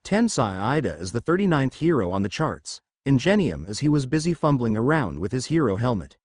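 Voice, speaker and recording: Man narrating a fan story, lively pitch. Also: dry recording, clean studio sound.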